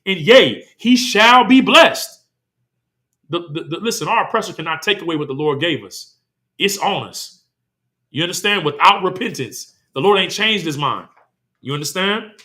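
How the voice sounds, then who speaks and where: A man's voice: a little high, lively intonation, moderate pace, sharp tone. A man preaching a sermon, heated and full of rhetorical questions, reading scripture between points. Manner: impassioned, rhetorical questions, slips into quoted voices. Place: congregation hall.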